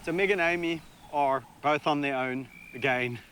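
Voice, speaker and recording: South African man, fairly high voice. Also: normal speed, slight background noise. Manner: relaxed, chatty, speaks fondly of his animals. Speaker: lion sanctuary keeper. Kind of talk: on-location commentary.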